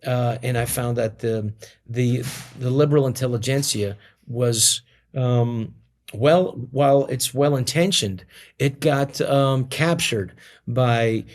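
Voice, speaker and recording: Middle-aged man, interview guest, average pitch, loose rambling delivery with many false starts. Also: slow. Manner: rambling, many restarts and fillers. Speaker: comedian guest. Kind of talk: casual interview storytelling.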